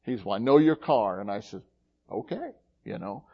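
Pastor preaching in a muffled recording. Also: male voice, on the low side, big pitch swings, moderate pace, husky. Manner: conversational storytelling, many fillers and restarts. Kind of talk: sermon with a personal story.

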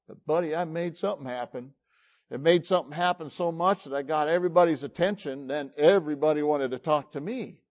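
A high-voiced man preaches a sermon as if talking with his listeners, firing off rhetorical questions. He swings from loud emphasis to near-quiet asides. The sound is dull and lo-fi. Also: brisk. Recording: dull lo-fi recording.

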